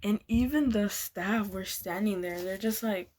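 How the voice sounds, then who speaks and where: A woman's voice: mid-range voice, unhurried, darkish tone. A young woman vlogger telling a casual storytime, laughing often and swearing as she rambles. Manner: giggly, swears a lot, loose and rambling.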